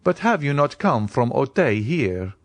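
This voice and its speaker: A man reading aloud as a nonchalant aristocrat, cool and commanding as he closes a purchase. The voice moves a lot in pitch, and the audiobook recording is dry and close. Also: measured pace, no echo. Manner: calm, offhand, commanding. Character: cool, wealthy nobleman buying a house.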